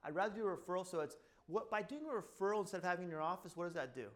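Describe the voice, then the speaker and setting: A middle-aged chiropractor at a seminar speaks casually to the room in a high-pitched, animated, rapid-fire voice. He tells stories from his practice, acting out quoted lines and saying "blah, blah" often.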